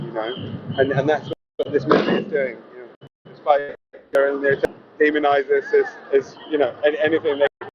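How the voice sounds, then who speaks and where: A man's voice: medium pitch, little pitch movement, moderate pace, crowd noise. A man speaking as a climate activist in a street interview at a march, earnest and rambling, with lots of "you know". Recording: dull lo-fi sound, loud street noise.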